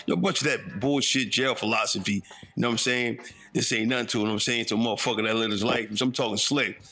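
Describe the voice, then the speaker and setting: Telling his life story in the first person, a man in his fifties from northern New Jersey talks fast in a husky, bright, forceful voice of medium pitch and fairly even intonation. He's reflective and conversational, full of street slang, and keeps checking "you know what I'm saying."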